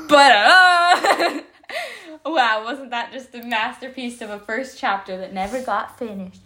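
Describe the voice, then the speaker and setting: A hoarse woman hosting a podcast, reading her old stories aloud with giggly, self-mocking asides. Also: fairly high pitch, takes it slowly, bright, forceful tone. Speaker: podcast host.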